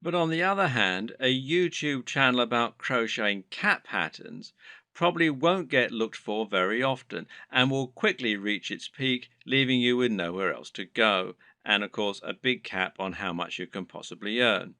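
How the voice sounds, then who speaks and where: A man narrating scripted advice on running an online business, in a lively explanatory delivery. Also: mid-range voice, normal speed, dry recording.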